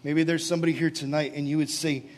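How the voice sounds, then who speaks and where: A man preaching a sermon live to a gathering, moving into an altar call and prayer, earnest and pleading, often dropping to soft, intimate tones. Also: a little high, level tone, fast. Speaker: pastor. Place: church or youth gathering, live.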